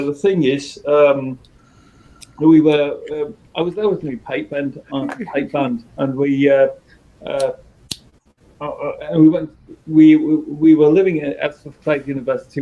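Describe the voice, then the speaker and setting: A man from Denmark hosting a casual livestream chat, friendly and rambling with many halting restarts. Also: on the high side, a little mellow, highs cut off.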